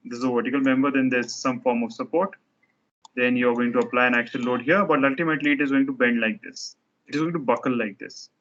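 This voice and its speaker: A man's voice: medium pitch, fairly bright tone, highs cut off. A man teaching a structures lecture, explaining step by step while he sketches diagrams, often restarting his sentences.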